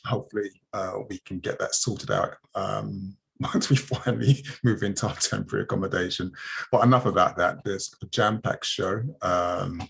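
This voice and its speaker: A man's voice: sits low, fairly even intonation, normal speed, gravelly, a bit bright, husky. A man hosting a community news livestream, chatting casually and telling stories with plenty of fillers and restarts. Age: adult, married.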